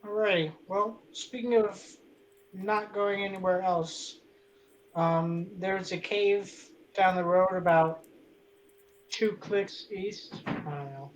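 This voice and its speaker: Slow, dry-spoken player. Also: male voice, high voice, fairly even intonation, a little hiss or hum, rough recording. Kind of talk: casual chat at a game table.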